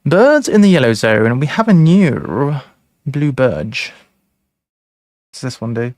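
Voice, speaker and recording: A man's voice: mid-range voice, big pitch swings, slow, a little mellow, no echo, studio quality. A man hosting a live board game stream, chatting casually and thinking aloud over his moves. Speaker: streamer host. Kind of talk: casual chat during an online board game.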